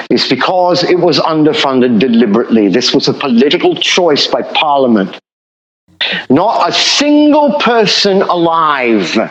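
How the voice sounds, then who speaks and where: Passionate male guest who lectures and repeats himself; animated delivery, dull recording. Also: mid-range voice, roomy sound. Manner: emphatic, lecturing, repeats for emphasis. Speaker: economist guest. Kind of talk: passionate podcast explanation. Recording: dull lo-fi audio.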